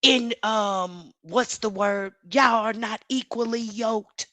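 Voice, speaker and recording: A woman's voice: on the high side, slow, bright, forceful tone, no room sound. A woman, hosting a casual live commentary stream, reading the chat aloud and talking back to it, sassy and laughing often. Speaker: livestream commentary host.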